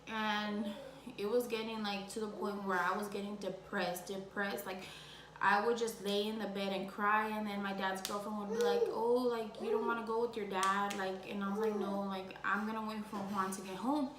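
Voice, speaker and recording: A woman's voice: medium pitch, flat delivery, moderate pace, a bit bright, reverberant, a little hiss or hum, poor audio. A young woman vlogger telling her own story in a casual, rambling way, leaning on "like," emotional and close to tears at times. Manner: rambling, heavy use of "like".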